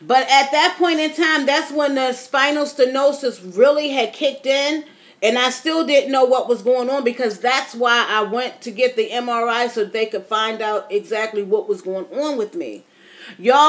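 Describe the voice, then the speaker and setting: A woman in her fifties with a high voice talks straight to her viewers in a casual vlog. She tells her stories chatty and dramatic, calling them y'all as she goes. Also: measured pace. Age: 50s. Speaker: vlogger. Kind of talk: casual storytelling to camera.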